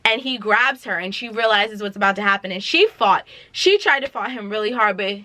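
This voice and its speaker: A woman's voice: mid-range voice, expressive, brisk, bright, forceful tone, dry recording. A young woman vlogger chatting through a movie recap in a dramatic, slangy way.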